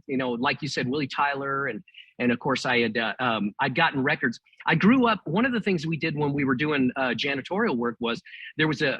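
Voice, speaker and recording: A man's voice: a little high, pushed and bright, slightly rough, dry recording, poor audio. A middle-aged man from Texas, a ventriloquist guest, chatting casually in an interview, laughing often and restarting sentences.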